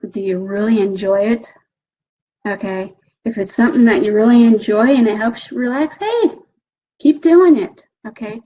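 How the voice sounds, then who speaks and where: A woman coach talks with animated energy, often checking in with "okay?" as she acts out her own excited thoughts. Her voice sits a bit high and carries a husky edge. The recording is dull and lo-fi. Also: moderate pace. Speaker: motivational coach. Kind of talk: motivational talk.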